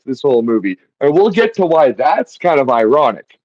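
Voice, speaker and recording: A man's voice: mid-range voice, normal speed, no room sound, muffled recording. A man hosting a casual podcast film review, rambling and swearing, speaking through a headset mic. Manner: rambling, swears often, quotes lines in animated voices. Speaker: podcast host. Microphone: headset mic on headphones.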